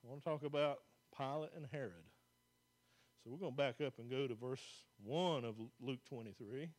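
A pastor, preaching a folksy, plain-spoken sermon to a church congregation. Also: male voice, mid-range voice, moderate pace, darkish tone.

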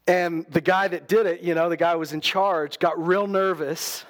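A man's voice: high voice, steady tone, normal speed, hardly any pauses. A man preaching a sermon in a conversational way. He often restarts his sentences and acts out the quotes he tells. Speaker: pastor.

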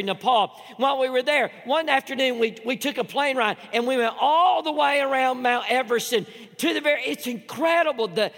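A man with a high, gravelly voice preaches a sermon in a reverberant church hall, with a low mains hum underneath. He repeats himself for emphasis, swells into loud declarations, then drops to near-whispered asides. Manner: emphatic preaching with repetitions, swinging from loud to hushed. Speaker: pastor.

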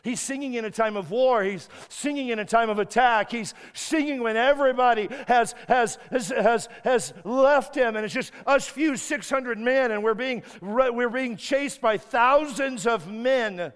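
Male guest preacher, clear resonant voice, high-pitched, emphatic and repetitive, echoing church hall. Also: a little slow, hardly any pauses, fairly bright tone. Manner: emphatic, repeats words and restarts, acts out prayers. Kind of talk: sermon. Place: church sanctuary. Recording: long hall reverb.

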